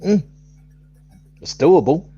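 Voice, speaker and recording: A man's voice: fairly high pitch, animated, slow pace, mellow, slightly rough, no echo, lo-fi sound. A man chatting casually about boxing as a co-host, easygoing and given to chuckling.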